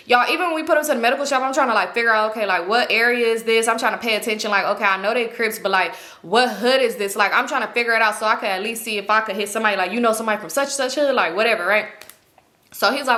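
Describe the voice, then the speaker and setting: Young woman vlogger, casual storytime, profane, acts out quotes; tense bright voice. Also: on the high side, fast talker.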